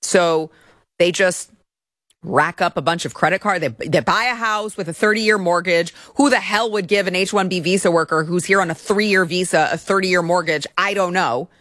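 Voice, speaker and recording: A woman's voice: fairly low pitch, moderate pace, fairly bright tone, dry recording, clean studio sound. A woman from the United States giving sarcastic, mocking opinion commentary and reading posts aloud. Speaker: political commentator.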